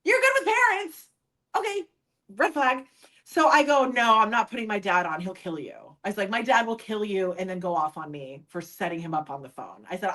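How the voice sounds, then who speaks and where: Woman podcast guest, mid pitch, candid storyteller who acts out quotes. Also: fairly bright tone, poor audio. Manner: candid, acts out other people's lines when quoting. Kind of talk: personal storytelling in an interview.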